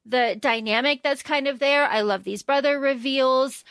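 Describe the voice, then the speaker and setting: A woman's voice: high voice, normal speed, a bit bright, clean tone, dry recording, clean studio sound. A woman podcast host chatting casually and gushing enthusiastically about a book.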